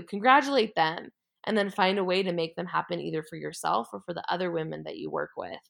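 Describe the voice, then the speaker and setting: A woman's voice: fairly low pitch, fast, vocal fry, a bit bright. A woman hosting a podcast, talking alone in an earnest, heartfelt and emphatic way. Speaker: podcast host. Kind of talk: solo motivational podcast talk.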